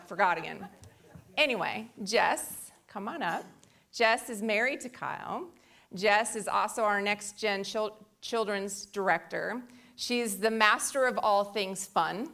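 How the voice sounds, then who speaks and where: A woman's voice: medium pitch, unhurried, creaky, bright, forceful tone. A woman church leader introducing the next speaker from the stage, playful and teasing.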